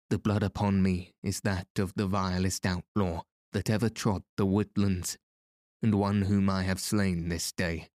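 A man voicing a harsh-voiced male outlaw in disguise, speaking slowly and deliberately. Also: low voice, darkish tone, no room sound, clean studio sound.

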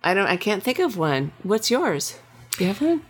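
A woman's voice: mid-range voice, sing-song, moderate pace, breathy edge. A woman answering as a guest in a casual chat, reacting effusively.

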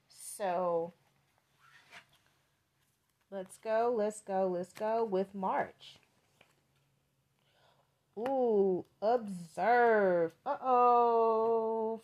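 A woman's voice: mid-range voice, creaky, darkish tone. Chatty, emphatic woman tarot reader. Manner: chatty, emphatic, loose and profane; repeats words for emphasis. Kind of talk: casual tarot reading podcast.

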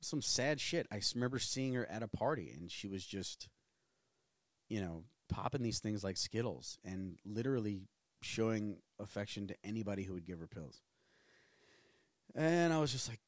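A man in his thirties from New Orleans tells his own stories in a loose, rambling, profane way. His voice sits low but swings widely in pitch. The sound is dry and close. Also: expressive, moderate pace, no room sound. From New Orleans, USA. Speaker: podcast host. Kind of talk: casual personal storytelling.

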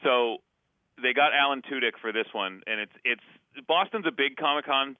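A man's voice: mid-range voice, dry recording, narrow, tinny audio. A man co-hosting a podcast, cracking jokes. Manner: joking, quick. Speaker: podcast co-host. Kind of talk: casual podcast chat.

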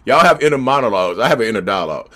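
A man's voice: medium pitch, lively intonation, racing, sharp tone. A man vlogging in a casual, preachy way, speaking straight to his viewers. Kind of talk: casual commentary to camera.

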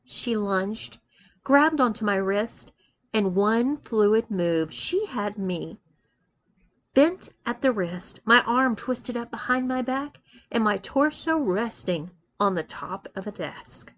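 A woman's voice: on the high side, animated, slow pace, fairly bright tone. A woman reading a story aloud. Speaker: story reader.

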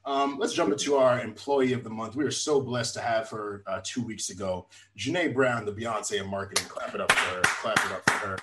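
A man's voice: lowish voice, brisk, few pauses, background noise. Upbeat male podcast host. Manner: laughs often, hypes up guests. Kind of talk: casual chat.

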